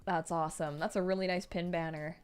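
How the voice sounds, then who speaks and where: A young adult woman hosting a livestream, reading chat aloud and reacting with gushing excitement. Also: lowish voice, a little fast, clean tone, soft background music. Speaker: livestream host. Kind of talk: live-stream chat reading.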